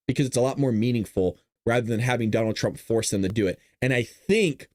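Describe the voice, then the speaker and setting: A man's voice: a little fast, hardly any pauses, no room sound, clean studio sound. A man hosting a casual political commentary show, joking, laughing and breaking into silly voices. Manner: animated, jokey, often laughing, breaks into high silly voices.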